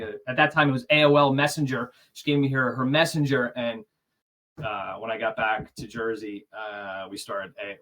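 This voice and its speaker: A man in his forties telling a story as a guest on a video-call interview, animated, acting out the dialogue with little chuckles. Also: on the low side. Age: 40s. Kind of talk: casual storytelling.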